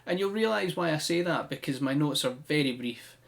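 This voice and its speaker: This man's voice sits on the high side and sounds gravelly, animated, and a little fast. He's a podcast co-host in casual chat, recapping a wrestling show as a chatty storyteller who keeps dropping "um" and "like."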